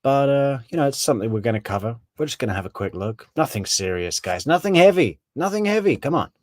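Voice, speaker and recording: A man's voice: fairly low pitch, fast talker, no room sound. A man giving casual, rambling commentary on a true crime case, often correcting himself on names.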